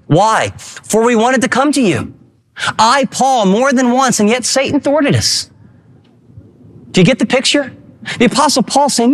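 A man preaching a radio sermon, animated, with dramatic swings between slow emphasis and quick asides. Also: very high-pitched. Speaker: pastor.

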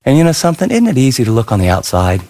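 Animated preaching man. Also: racing. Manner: animated storytelling, sudden pitch swings. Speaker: pastor. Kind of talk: sermon.

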